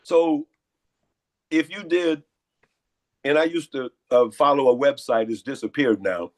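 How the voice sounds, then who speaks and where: A hoarse, congested man giving lecturing interview answers and firing off repeated rhetorical questions. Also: mid-range voice, a little slow. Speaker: guest.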